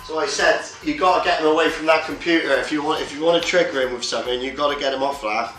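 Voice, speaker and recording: A man's voice: a little high, fairly even intonation, fast talker, fairly bright tone. A man chatting casually on a livestream, swearing often and rambling from point to point. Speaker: livestream host. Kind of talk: casual chat. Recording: roomy echo, faint music behind.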